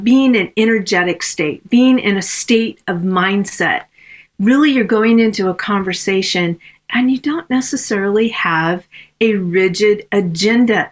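A woman coach and consultant teaching in a podcast episode, speaking in a measured, reflective way with frequent ums. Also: medium pitch, a bit bright.

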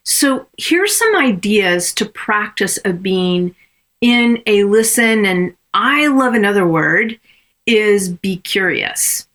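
A woman coach and consultant teaching in a podcast episode, speaking in a measured, reflective way with frequent ums. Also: medium pitch, expressive, a bit bright.

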